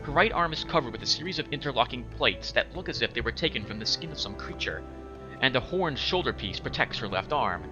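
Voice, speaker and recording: A man's voice: medium pitch, expressive, fairly quick, lo-fi sound, over music. A man hosting a game playthrough, reading the text aloud and apologetic and stumbling over words. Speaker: let's play host.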